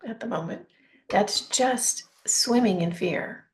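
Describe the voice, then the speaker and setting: A woman's voice: mid-range voice, slow pace. Woman host asking probing questions. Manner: probing questions, brief affirmations. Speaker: podcast host. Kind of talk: interview conversation.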